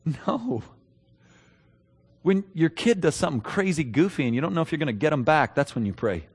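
A man's voice: fairly high pitch, lively intonation, moderate pace, breathy edge, long reverb tail. A middle-aged man preaching a sermon, telling a story in a loose, conversational way and then building to emphatic preaching. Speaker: pastor.

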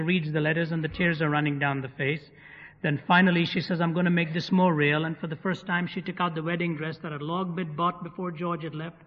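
High-voiced preacher in an echoing hall. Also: male voice. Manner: humorous, vivid storyteller. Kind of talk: sermon storytelling. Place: hall with live audience. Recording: dull recording in a reverberant hall.

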